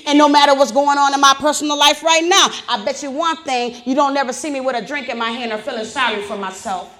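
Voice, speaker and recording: A high-voiced woman shares her recovery story before a meeting. She speaks in loose, colloquial grammar and tells it with animated emphasis that drops to near-hushed reflection. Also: fast talker. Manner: animated storyteller, loud and soft by turns. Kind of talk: personal recovery testimony.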